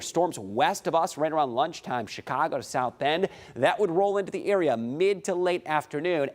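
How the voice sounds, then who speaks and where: A man delivering a TV weather forecast as a meteorologist, with an urgent, emphatic broadcast delivery. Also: fairly high pitch.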